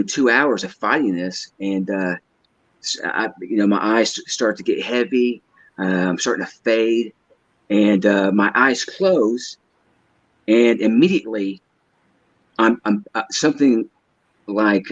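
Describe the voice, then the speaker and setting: Low-voiced man, halting and hesitant. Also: dry recording. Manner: halting, hesitant, repeats words. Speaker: guest caller. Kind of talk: telling a personal story. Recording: dull lo-fi line.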